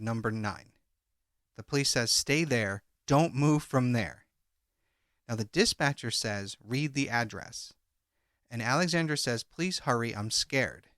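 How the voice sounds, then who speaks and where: A man's voice: mid-range voice, bright, forceful tone, dry recording, studio quality. A man co-hosting a true crime podcast, recounting a call transcript and reading out each speaker's lines. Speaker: podcast co-host.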